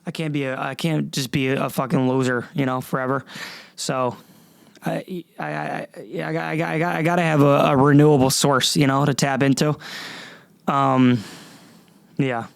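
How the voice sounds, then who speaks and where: A man's voice: medium pitch, steady tone, moderate pace, gravelly, dry recording. A young man hosting a solo comedy podcast, rambling and swearing with stammering restarts. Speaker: podcast host.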